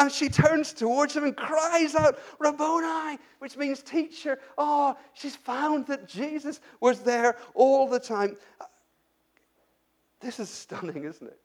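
A man with a high voice preaches a sermon as if chatting with his congregation. He asks rhetorical questions and often restarts his sentences as he works through the passage. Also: a little mellow. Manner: addresses the congregation directly. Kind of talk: sermon, Bible exposition.

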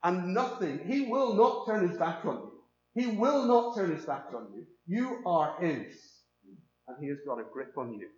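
A man's voice: sits high, sing-song, moderate pace. A man preaching a sermon in a church, earnest and emphatic, repeating key phrases. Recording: echoey, dull lo-fi room recording.

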